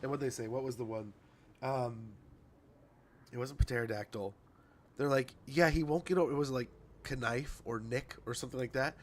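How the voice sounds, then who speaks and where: A man's voice: medium pitch, fairly even intonation, normal speed, pauses often. A male streamer in casual livestream chat, reading patch notes aloud, rambling, tripping over words and laughing at himself.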